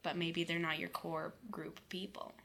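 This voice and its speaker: A woman's voice: lowish voice, level tone, moderate pace, creaky, fairly bright tone. A woman co-hosting a podcast in casual chat, agreeable and supportive, laughing easily. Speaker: podcast co-host.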